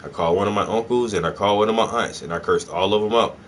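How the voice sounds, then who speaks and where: A low-voiced man with a drawl rants casually to the camera, swearing freely and tossing in "yo" and "bruh". His talk is loose and excitable, with a faint hum of noise in the background. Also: quick pace. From South Carolina, US. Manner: profane, excitable, peppered with "yo" and "bruh". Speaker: host. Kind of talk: casual monologue.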